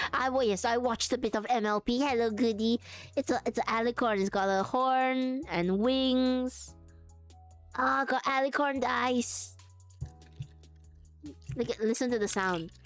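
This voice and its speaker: A woman's voice: on the high side, measured pace, long pauses. Chatty young woman streaming, faint music behind. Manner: chatty, giggly, thinks aloud while crafting. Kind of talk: casual live-stream chat.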